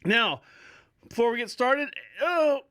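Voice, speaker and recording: A man with a Florida accent, pitched notably high for a man, talks through a casual solo podcast. His delivery is chatty and upbeat, full of rambling asides and little chuckles. The sound is close and dry, with no room around it. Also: animated, takes it slowly, bright, forceful tone, clean tone, no echo. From Orlando, Florida. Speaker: podcast host.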